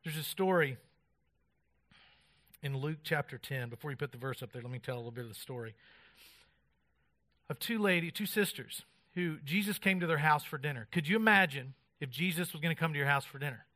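Bright-voiced male preacher, conversational. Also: a little high, fairly quick. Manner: conversational preaching, acts out voices of people in stories. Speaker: pastor. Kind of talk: sermon.

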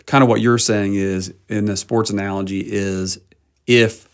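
A man in a casual conversation, animated and agreeable, quick to chime in. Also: fairly low pitch, smooth.

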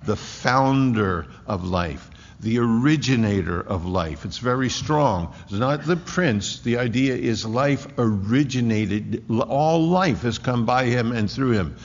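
Guy preaching a sermon, lively up and down voice, lots of stammered restarts, echoey hall. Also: mid-range voice. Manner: emphatic, with quick repeated restarts. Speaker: pastor. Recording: echoey hall, dull lo-fi sound.

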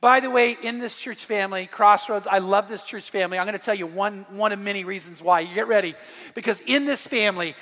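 A middle-aged pastor preaches with a high, bright voice, earnest and swelling into fervent emphasis. His words ring through a church hall with a long echo. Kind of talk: sermon. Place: church sanctuary.

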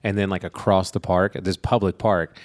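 A man's voice: deep voice, flat delivery, normal speed. A young man co-hosting a podcast, telling stories in casual chat, rambling with lots of "like" and laughing often. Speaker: podcast co-host.

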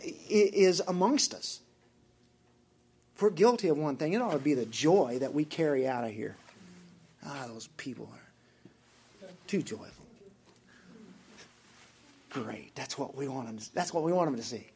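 A man's voice: a little high, expressive, moderate pace, darkish tone, slight background noise. A man with a Southern US accent who preaches a sermon as pastor, asking his congregation direct questions.

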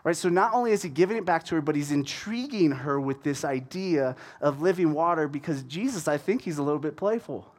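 Lively high-voiced man preaching a sermon. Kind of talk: conversational sermon.

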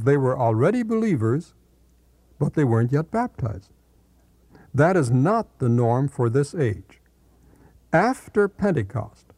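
Guy reading a bible commentary slow and steady, warm dark tone, dry close sound. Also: medium pitch, dry recording. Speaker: Bible teacher.

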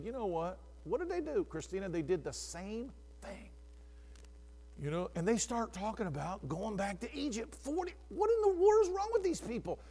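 A male pastor preaching a sermon, calling on congregants by name and swinging from hushed asides to shouts. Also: high-pitched, long reverb tail.

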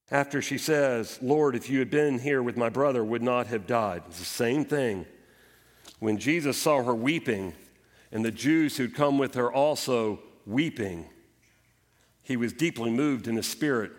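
A man preaches with a mid-pitched voice in a church sanctuary, and the sound carries a long, echoing reverb off the walls. He retells scripture in lively storytelling, swinging between emphatic, raised passages and hushed, low ones. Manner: animated storytelling preaching, voicing Bible characters. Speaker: pastor. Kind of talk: sermon.

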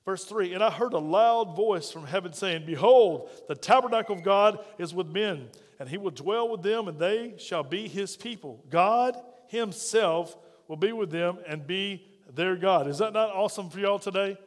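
A middle-aged pastor preaches with fervor, throwing questions out to his church. His voice sits high for a man, and a long reverb hangs in the hall around him. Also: moderate pace. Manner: fervent, calls out questions to the congregation. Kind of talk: sermon.

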